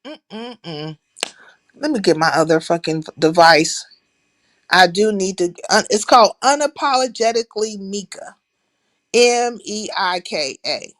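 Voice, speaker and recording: A woman's voice: mid-range voice, expressive, a little slow, a bit bright. A woman hosting her own live stream, chatting loosely and profanely while greeting viewers. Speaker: livestream host. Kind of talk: casual live-stream chat.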